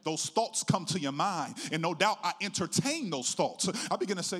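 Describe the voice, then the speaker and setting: A middle-aged male pastor preaching a sermon, telling his own story in a sing-song preaching cadence that swells from hushed to loud. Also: high-pitched, lively intonation, normal speed.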